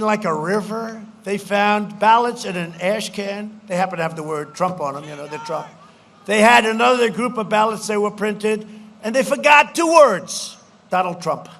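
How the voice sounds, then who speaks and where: A man's voice: sits high, a bit bright, slight background noise. A man giving a campaign rally speech on a stage mic outdoors, repetitive and boastful, slipping into mocking quoted voices. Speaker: political speaker at a campaign rally.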